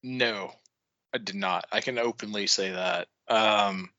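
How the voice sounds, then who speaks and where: A man co-hosting a podcast, chatting casually, laughing often and slipping into quick mock voices. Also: fairly low pitch, sharp tone, dry recording, lo-fi sound. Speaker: podcast co-host. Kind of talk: casual wrestling chat.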